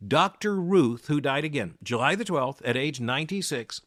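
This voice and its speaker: A middle-aged man from the United States hosting a daily news commentary, speaking in a measured, emphatic way with deliberate pauses. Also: fairly high pitch, expressive, a bit bright, no room sound, clean studio sound. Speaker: podcast host.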